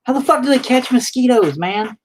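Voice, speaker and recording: A man's voice: very high voice, animated, fairly quick, slight background noise. A man livestreaming while he paints, chatting with viewers in a rambling, profane, self-mocking way. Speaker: livestreaming painter reading chat. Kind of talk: casual rambling stream chat.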